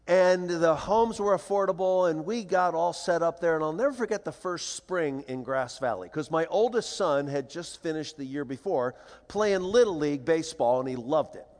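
An older man giving a humorous storytelling talk to an audience, playful and animated, acting out the voices of the people in his stories. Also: a little high, moderate pace. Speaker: speaker. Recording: long hall reverb.

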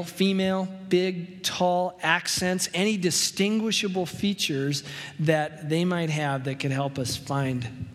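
A pastor speaks to his congregation in a conversational sermon style, with a slightly higher pitch than most men. He slows right down to stress key words. His voice rings with the long reverb of a church hall. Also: fairly bright tone. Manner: conversational preaching with anecdotes, slows for emphasis.

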